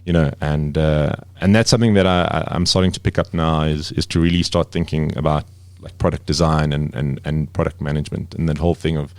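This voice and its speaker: A man's voice: extremely low pitch, fairly even intonation, brisk, few pauses, no room sound. A man who runs a media company, talking as a guest in a casual interview, rambling with many fillers and restarts.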